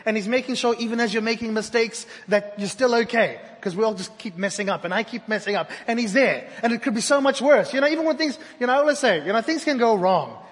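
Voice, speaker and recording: A man preaching a sermon to his congregation, swinging from loud emphatic repetition to hushed, intimate phrases. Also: high-pitched. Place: church hall. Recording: long hall reverb.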